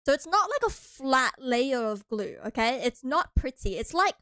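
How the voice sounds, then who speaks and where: Brief: young American woman, high voice, dry close sound, playful giggly streamer chat. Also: very animated, normal speed, fairly bright tone, dry recording. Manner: playful, giggly, chatty with viewers. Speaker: vtuber streamer.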